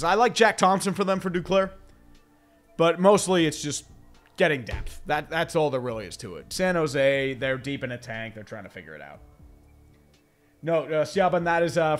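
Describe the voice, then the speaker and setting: A man with a stuffy nose, hosting a live stream, chatting in a rambling way, reading out chat questions and swearing now and then. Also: a little high. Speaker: livestream host reading chat. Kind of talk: casual live commentary.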